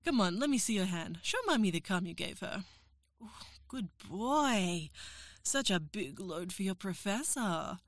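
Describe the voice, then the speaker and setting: A woman's voice: mid-range voice, lively intonation, moderate pace, hardly any pauses, no echo, clean studio sound. A woman performing an erotic audio role-play as a professor, teasing, coaxing and giving orders.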